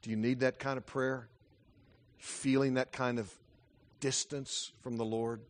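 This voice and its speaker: A middle-aged man preaching a sermon in a church, earnest and storytelling, moving between hushed and emphatic passages. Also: medium pitch, little pitch movement, measured pace. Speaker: pastor.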